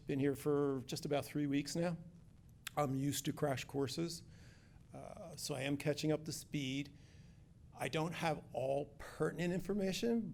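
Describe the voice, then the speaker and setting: A man with a gravelly, slightly higher voice gives an easygoing update on a building project to a community meeting. He jokes around and often restarts his sentences. A faint rumble runs underneath the recording. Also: darkish tone. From Philadelphia area. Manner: joking, chatty with restarts. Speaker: construction projects director.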